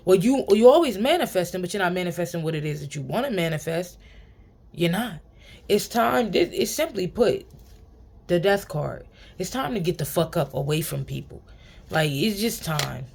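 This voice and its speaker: A woman's voice: on the low side, expressive, normal speed, gravelly, darkish tone, slightly rough. A woman, giving blunt, profane spiritual advice in a casual monologue, repeating lines for emphasis and laughing often. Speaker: spiritual tarot reader.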